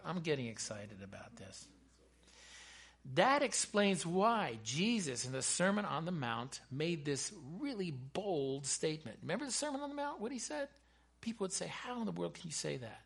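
A man's voice: a little high, vocal fry, fairly bright tone, slightly rough. A man preaching a sermon with fervent emphasis, breaking into chatty asides to his congregation.

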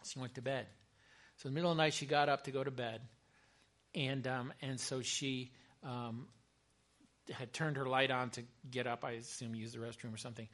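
A man, a chaplain, telling a story in a sermon, earnest and repeating words as he builds to bursts of excitement. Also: mid-range voice, moderate pace, pauses often. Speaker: chaplain preaching.

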